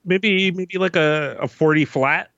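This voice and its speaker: A man's voice: a little high, a little slow, vocal fry, a bit bright, no room sound, dull audio. A man co-hosting a podcast in casual chat, laid-back and hesitant with lots of fillers. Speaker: podcast co-host.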